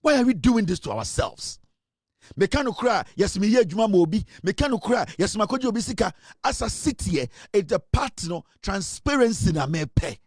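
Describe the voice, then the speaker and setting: A man's voice: high-pitched, lively intonation, a little fast, hardly any pauses, darkish tone, husky, no room sound, studio quality. A man with a Ghanaian accent giving impassioned political commentary, switching between Twi and English and rising to exclamations.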